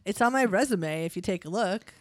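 A woman reading the part of a deadpan male devil applying for a job, in a comedy sketch read aloud. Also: mid-range voice, brisk, dry recording, studio quality, natural voice.

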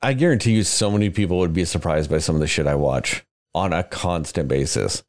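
A podcast co-host with a low-pitched voice talks fairly quickly in casual chat. He's profane and animated, mocking himself over the films he loves.

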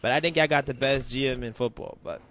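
A man hosting a podcast, chatting casually about football, animated, teasing and swearing freely. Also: medium pitch, fast, slight background noise. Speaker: podcast host. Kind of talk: casual chat.

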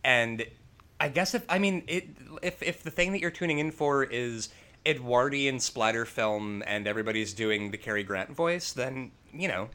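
A man co-hosting a casual film review chat, rambling and animated, swearing casually as he talks. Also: medium pitch, normal speed. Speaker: podcast co-host.

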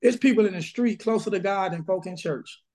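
Man, Southern pastor, high-pitched, emphatic and blunt, remote interview. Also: a little fast, darkish tone. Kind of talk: casual interview, preaching energy. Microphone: video call.

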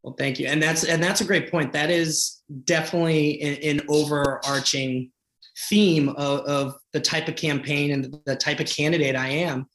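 A man's voice: on the high side, steady tone, moderate pace, fairly bright tone, roomy sound. A man from the Boston area who is running for office, talking earnestly and passionately in an interview, often restarting his sentences. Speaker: political candidate. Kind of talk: conversational interview.

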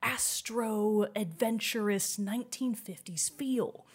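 A woman in an enthusiastic, chatty conversation, hosting a podcast. Her pitch sits in the middle for a woman. She laughs often as she explains. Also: slow, husky. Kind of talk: casual chat.

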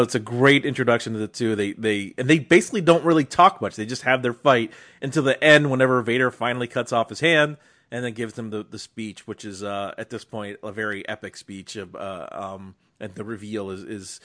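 A man co-hosting a film podcast talks in a casual, emphatic way, often stopping and restarting his sentences. His voice sits at an ordinary middle pitch. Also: fairly bright tone. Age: young adult or middle-aged, a father. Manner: enthusiastic, emphatic, many restarts. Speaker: podcast co-host.

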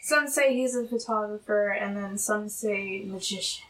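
A woman co-hosting a casual podcast, retelling scenes in an animated way and laughing as she talks. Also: medium pitch, moderate pace, far from the mic, a little hiss or hum, poor audio. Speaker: podcast co-host. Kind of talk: casual chat recapping a TV episode.

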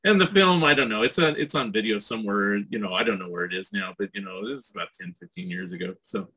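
A man's voice: on the low side, fast talker, bright, forceful tone, slightly rough, rough recording. A man telling a rambling anecdote in casual chat, full of "you know" and small laughs. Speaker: podcast guest.

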